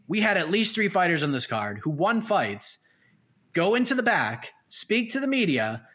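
A man's voice: a little high, pushed and bright. A man hosting a post-fight analysis show, asking his co-host incredulous questions in a casual chat. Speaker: podcast host.

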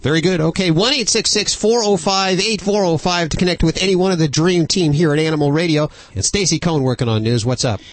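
A man hosting a call-in radio show, brisk and upbeat. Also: on the high side, no room sound. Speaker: radio host.

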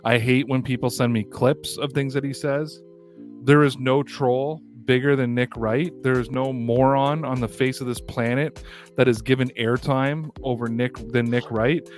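A man's voice: medium pitch, steady tone, moderate pace. A man hosting a sports podcast who rants hard and swears constantly, leaning on every word as he gets worked up. His voice sits in an ordinary middle range, and faint music plays underneath. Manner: profane, heated, emphatic ranting. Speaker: podcast host. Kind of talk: casual sports podcast rant.

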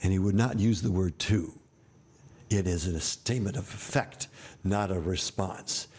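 A man's voice: deep voice, measured pace, darkish tone, husky. A man in his seventies, an actor and director, telling rambling, vivid stories with wry asides in an interview. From United States. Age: 70s. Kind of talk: candid storytelling interview.

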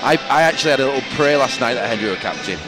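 Broadcasting a podcast from an open-air football stadium's stands, this co-host trades casual banter, laughing and poking fun. His mid-range voice races along very fast over the stadium music.

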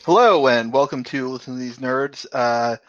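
Guy game master narrating a one-shot, chill and a bit halting, soft music under it. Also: medium pitch, lo-fi sound. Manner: relaxed, hesitant with many uhs. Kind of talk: casual actual-play narration.

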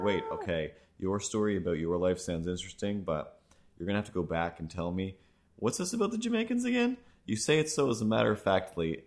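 A man with a very low voice co-hosts a chatty podcast. He rambles and jokes in a playful, loose way. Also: darkish tone. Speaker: podcast co-host. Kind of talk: casual podcast chat.

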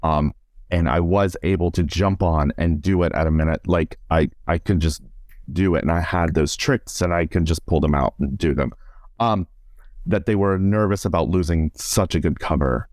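A middle-aged man, a stage performer and director, is a guest on a casual podcast interview. He tells stories with animation, acts out quotes and says "like" a lot. His voice sits low with a darkish tone at a normal speed, and the studio recording has no echo.

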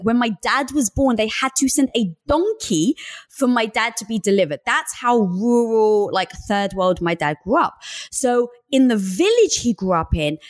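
A woman with a London accent, a guest telling her story in an interview, candid and expressive. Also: on the high side. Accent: London English. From England. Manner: expressive, laughs often, candid.

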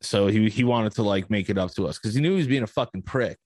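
A man on a podcast telling a story in casual chat, profane and animated, acting out the dialogue. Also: lowish voice, quick pace, slightly rough, no echo. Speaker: podcast host.

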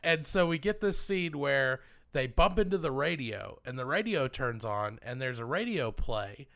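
A man co-hosting a podcast, calmly retelling film scenes in a relaxed, dry manner. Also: mid-range voice, moderate pace, vocal fry. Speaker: podcast co-host. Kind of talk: casual film-review chat.

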